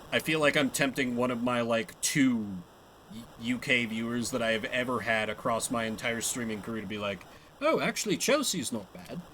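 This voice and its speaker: A man's voice: medium pitch, steady tone, moderate pace, sharp tone, slight background noise, low-quality recording. A young man chatting casually and laughing at himself while he plays a game live. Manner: chatty, self-mocking, laughs often. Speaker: streamer. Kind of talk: live gameplay commentary.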